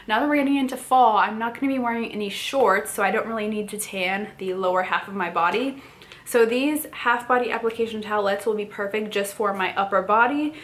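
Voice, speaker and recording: A woman's voice: medium pitch, fairly bright tone. A young woman chatting casually in a beauty haul vlog, filling her talk with "like" and "um". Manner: chatty, frequent "like" and "um" fillers. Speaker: beauty vlogger.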